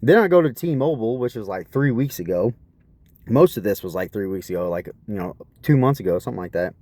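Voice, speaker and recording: Aggrieved man ranting, lively pitch. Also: dry recording. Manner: aggrieved, profane, repeatedly asks what is wrong with people. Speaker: vlogger. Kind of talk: rambling personal account.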